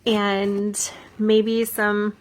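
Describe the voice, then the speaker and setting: A young woman vlogging about crafts and a gift package, gushing with excitement and dropping from soft whispers to squeals. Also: medium pitch, extremely slow, slight background noise. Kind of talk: casual vlog, showing crafts.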